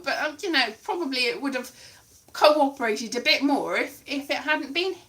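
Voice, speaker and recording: A woman's voice: sits high, moderate pace, sharp tone. A young woman rambling through a casual, self-mocking monologue from her bedroom, full of asides and restarts. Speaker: solo show performer.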